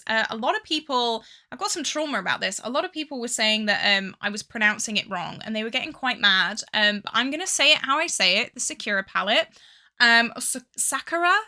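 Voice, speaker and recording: A young woman from England with a Midlands accent and a hint of Scouse talks through makeup in a loose, chatty way, second-guessing herself often. Her voice sits fairly high and sounds bright and sharp. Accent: English Midlands with a hint of Scouse. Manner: chatty and indecisive, with many fillers and dramatic sighs over choices. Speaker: beauty vlogger. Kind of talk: casual product review chat.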